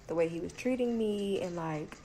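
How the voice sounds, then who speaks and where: A woman's voice: lowish voice, normal speed. A young woman speaking tells a story straight to camera in a casual, candid vlog. Her speech is loose and profane, packed with "like" fillers, with a faint hum of room ambience behind her. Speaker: vlogger telling a personal story.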